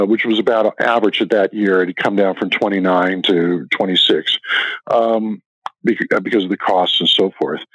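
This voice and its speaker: A man's voice: on the low side, fairly bright tone, no echo. A man guest telling detailed, anecdote-filled stories in an interview. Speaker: author guest. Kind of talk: interview answers. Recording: dull lo-fi dry recording.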